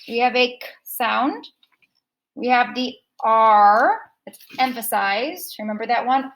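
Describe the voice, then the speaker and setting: A woman's voice: on the high side, lively intonation, slow pace, a bit bright, a little hiss or hum, rough recording. A woman teaching a recorded phonics lesson, patiently modeling sounds and asking the listener to repeat after her.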